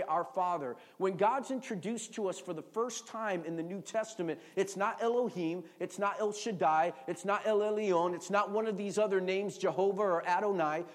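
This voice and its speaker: A middle-aged man preaching a sermon as pastor, calling for responses and often repeating words as he tells stories. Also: high-pitched. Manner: call-and-response, repeats words, animated storytelling.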